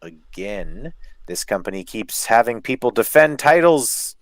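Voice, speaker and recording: A man's voice: fairly low pitch, sing-song, a little slow, dry recording. A man from Canada co-hosting a casual wrestling review, dry and sarcastic, swearing freely. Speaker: podcast co-host.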